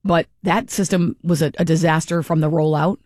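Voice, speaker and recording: A woman hosting talk radio, telling a long story in a chatty, animated way with many restarts. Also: sits low, normal speed, no room sound, studio quality. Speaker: radio talk show host.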